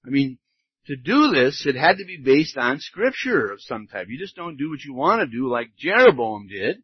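Husky-voiced male pastor preaching, slightly dull. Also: mid-range voice, sing-song, moderate pace, no room sound. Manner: earnest, conversational preaching with scripture reading. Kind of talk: sermon.

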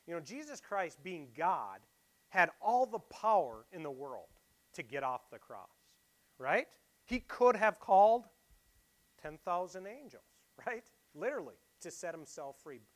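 A man preaching a sermon, asking his listeners questions and swinging between loud emphasis and quiet asides. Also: sits high, sing-song, measured pace. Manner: asks the congregation rhetorical questions.

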